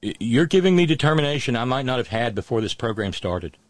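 A middle-aged man hosting a live show, talking haltingly with many restarts in a calm, consoling way. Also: medium pitch, dry recording. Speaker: host. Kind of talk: emotional live show talk.

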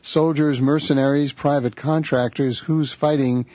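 A man's voice: fairly high pitch, fairly even intonation, a little slow, no room sound, lo-fi sound. A man guest-hosting a political talk radio show from a studio, talking in a conversational, wry way with filler uhs.

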